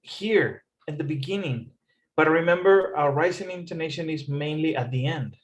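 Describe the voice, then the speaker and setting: A man's voice: on the high side, normal speed, rough recording. A man tutoring English over a video call, explaining patiently and repeating key points. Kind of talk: online tutoring session.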